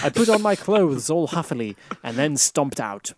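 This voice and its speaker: A man's voice: fairly high pitch, big pitch swings, normal speed, hardly any pauses, no room sound. Man reading aloud with mock drama. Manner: mock-earnest, breaks into laughter. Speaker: reader of a fan fiction.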